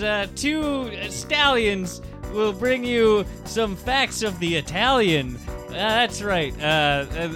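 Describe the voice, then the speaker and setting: A man on a comedy podcast putting on a hammy, over-the-top Italian announcer voice with drawn-out words. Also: sits high, pitched above the performer's own voice. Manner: exaggerated stage Italian accent, drawn-out words.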